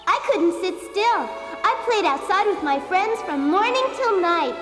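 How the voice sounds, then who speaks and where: A woman's voice: lively intonation, a little slow, a bit bright, full character voice. A woman voicing Amy, a sweet and earnest young girl in a dubbed cartoon, who also narrates. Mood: storytelling. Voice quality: high childlike voice. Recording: music playing underneath.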